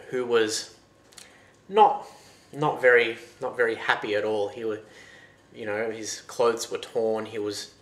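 A man retelling a folktale in a loose, lively, conversational way. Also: lowish voice. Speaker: storyteller. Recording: roomy echo.

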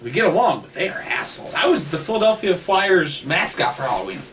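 A man co-hosting a casual sports picks chat over an online call, quick with jokes and banter. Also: a little high, very animated, fairly bright tone. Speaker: co-host making picks. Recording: distant mic with faint noise.

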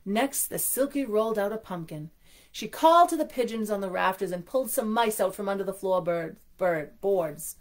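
A woman's voice: mid-range voice, animated, moderate pace. A woman hosting a storytime and reading a picture book aloud, breaking into gushing, chatty asides. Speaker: storytime host.

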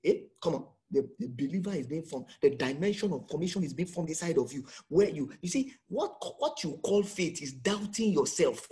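A man's voice: on the high side, lively intonation, a little fast, hardly any pauses, mellow. A man with a Nigerian accent preaching an emphatic sermon as pastor, full of rhetorical questions.

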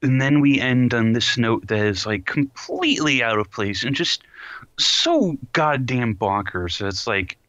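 A man co-hosting a podcast in casual chat, ranting in an animated, exasperated way with sighs. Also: medium pitch, a little slow, no room sound, highs cut off. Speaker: podcast co-host.

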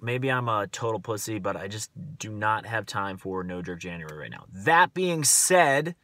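A man's voice: lowish voice, expressive, normal speed, pushed and bright. Blunt, swearing young man ranting. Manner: blunt, profane, rambling with many fillers. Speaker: vlogger. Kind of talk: casual rant to camera.

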